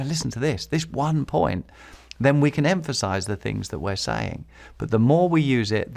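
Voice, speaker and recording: A man hosting a podcast and teaching public speaking, repeating key phrases for emphasis and chuckling between points. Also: mid-range voice. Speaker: podcast host.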